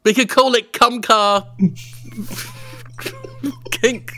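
A man with a high, bright voice trading silly riffs on a podcast. He spins out absurd bits in loose, casual banter. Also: steady tone, very slow. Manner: joking, riffs on absurd ideas. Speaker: podcast co-host.

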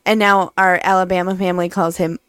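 A woman chatting casually, telling a short anecdote in a relaxed way. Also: on the low side, a little fast, clear, resonant tone, no echo. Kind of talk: casual chat.

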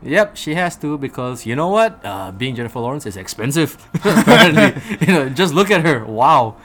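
Male podcast host, rambling and giggly, slightly high voice. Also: very animated, moderate pace, fairly bright tone. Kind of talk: casual movie review chat.

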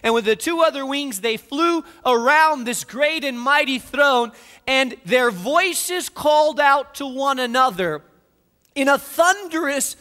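High, bright-voiced preacher in a hall. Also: male voice. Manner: dramatic, swings from soft to loud. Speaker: pastor. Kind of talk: sermon.

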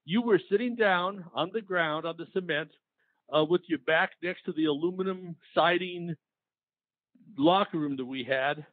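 Male host, chatty anecdote-teller; high voice, thin phone-line sound. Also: moderate pace, dry recording. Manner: chatty, tells his own side anecdote. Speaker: interview host, longtime team media man. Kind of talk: casual interview chat. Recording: dry tinny phone-like sound.

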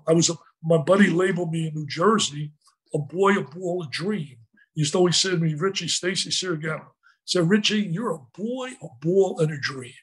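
An older man, a former coach, telling emotional stories with lots of quoted dialogue in an excitable way. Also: a little high, husky. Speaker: guest, former basketball coach. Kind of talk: animated storytelling.

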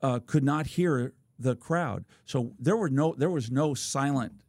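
Gravelly-voiced older man telling stories. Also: medium pitch, measured pace, a little mellow, no room sound, studio quality. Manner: rambling anecdotes with fillers. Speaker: podcast co-host, former quarterback. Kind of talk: casual storytelling chat.

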